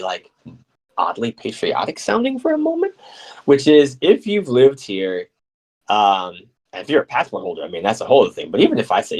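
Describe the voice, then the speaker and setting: A man hosting a live radio show, chatting casually and reading scripture aloud, playful and quick to laugh. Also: deep voice, a little mellow, low-quality recording. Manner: playful, laughs often, slips into mock accents.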